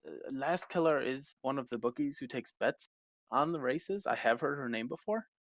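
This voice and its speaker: A man's voice: medium pitch, normal speed, no echo, lightly acted. Guy doing a chatty helpful local guide, plain voice, dry. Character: local male city guide, cautious.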